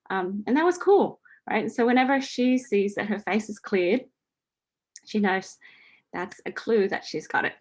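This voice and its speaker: Woman, forties, friendly coach answering a listener, chatty with a steady "right?". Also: medium pitch, normal speed, husky. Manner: chatty, repeats "right?" often, laughs lightly. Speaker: host answering a listener's question. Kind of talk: casual spiritual coaching talk.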